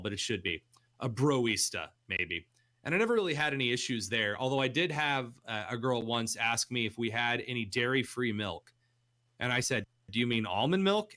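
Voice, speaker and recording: A young man hosting a radio talk show, telling funny stories with lively shifts of voice. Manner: animated storyteller, jumps pitch for quoted voices. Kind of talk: casual radio chat.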